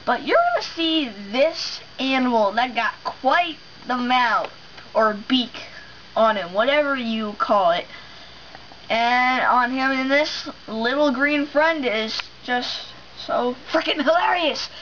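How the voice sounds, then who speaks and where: A woman's voice: a little high, slow pace, fairly bright tone. A woman introducing a video clip in a playful, chatty way. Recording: muffled lo-fi audio with faint hiss.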